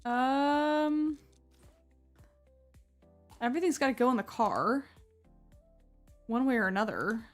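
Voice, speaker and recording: A young woman chatting casually to her live-stream viewers while she plays, talking excitedly and sometimes getting loud when surprised. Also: sits high, slow, pauses often, soft background music. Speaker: gaming streamer.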